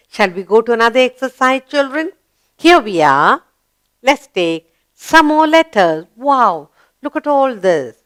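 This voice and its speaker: A woman with an Indian English accent teaching a children's spelling lesson, spelling out words letter by letter and coaxing the kids with questions. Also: mid-range voice.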